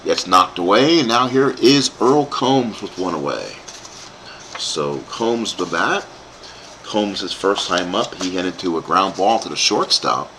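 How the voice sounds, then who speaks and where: Animated man calling a tabletop baseball game. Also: fairly low pitch, slight background noise. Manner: animated, rambling asides to live chat. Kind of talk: play-by-play commentary of a dice game.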